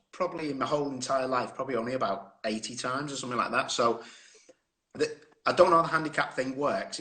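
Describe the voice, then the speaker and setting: A man in easygoing conversation, spinning long, rambling anecdotes and breaking into laughter. His voice sits at an ordinary middle pitch, heard through a phone on a live stream. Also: bright, forceful tone. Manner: chatty anecdotal storyteller, laughs often. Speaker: guest. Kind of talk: casual chat on a live stream. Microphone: phone on a video stream.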